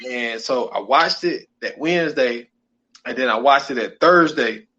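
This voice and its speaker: A man's voice: medium pitch, unhurried, bright, forceful tone, lo-fi sound. A man co-hosting a podcast in casual chat, loose and repetitive, leaning on "man" between phrases. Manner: loose, repeats himself, keeps saying "man". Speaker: podcast co-host.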